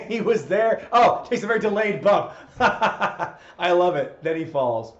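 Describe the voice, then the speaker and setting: A man's voice: high voice, takes it slowly. A man hosting a live wrestling watchalong, chatting casually and laughing as he reacts to the matches. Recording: muffled lo-fi audio.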